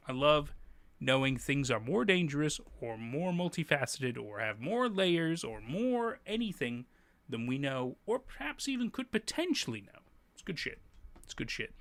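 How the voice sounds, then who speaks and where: Male stream host, animated and laughing easily, slightly high, crisp bright voice. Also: moderate pace, no echo. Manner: animated, laughs often, swears casually. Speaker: livestream host. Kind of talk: casual livestream chat.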